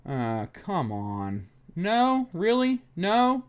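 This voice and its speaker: Male streamer fixing a laptop, profane and fed up, pitch all over the place. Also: big pitch swings, measured pace. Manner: exasperated, profane ranting at the screen; mutters technical steps under his breath. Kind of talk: live-stream tech commentary.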